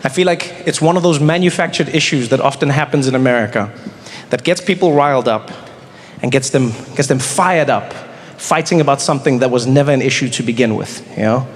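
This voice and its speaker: A man performing animated stand-up storytelling on a comedy stage, acting out the scenes and mocking himself. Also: mid-range voice, a little fast. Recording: live comedy hall with audience noise.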